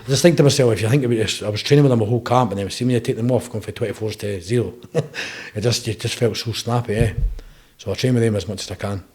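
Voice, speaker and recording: A young man with a Scottish accent speaks rapidly in a relaxed podcast chat. His voice sits on the low side as he rattles through long, rambling stories and keeps checking in with a quick "eh?". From Scotland. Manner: rapid, rambling storytelling with frequent "eh?" tags. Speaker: podcast guest, bare knuckle boxer. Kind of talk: casual interview chat.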